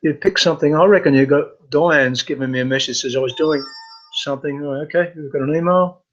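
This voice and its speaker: A man hosting a casual live computer training webinar, talking in a halting way with many fillers and restarts. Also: a little high, highs cut off.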